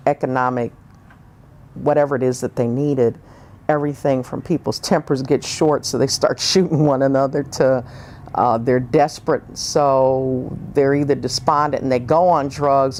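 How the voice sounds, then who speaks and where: A woman giving an oral history interview, telling her experiences frankly and reflectively, with many pauses and fillers. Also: extremely low pitch, fairly even intonation, darkish tone, a little hiss or hum. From northern United States.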